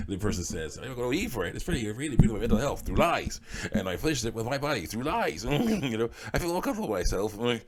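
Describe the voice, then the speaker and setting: A man's voice: on the low side, sing-song, fast, a little hiss or hum. A man reading comments aloud and answering them in blunt, dismissive retorts, chuckling often between remarks. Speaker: online commentator.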